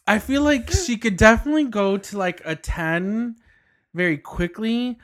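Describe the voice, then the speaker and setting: A woman's voice: medium pitch, measured pace. A woman co-hosting a podcast in casual chat, laughing often and swearing freely. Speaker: podcast co-host.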